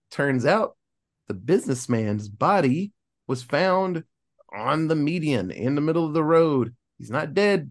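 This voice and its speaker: A man casually recapping a movie plot on a podcast, acting out the characters' lines as he goes. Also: mid-range voice. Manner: animated storyteller, acts out characters' lines. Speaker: podcast host.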